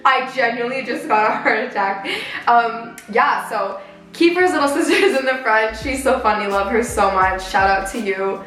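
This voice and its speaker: A woman in her twenties telling a story in a casual vlog while doing her makeup, animated and chatty, with many "like" fillers. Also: fairly high pitch, normal speed. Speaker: beauty vlogger. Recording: roomy echo with faint background music.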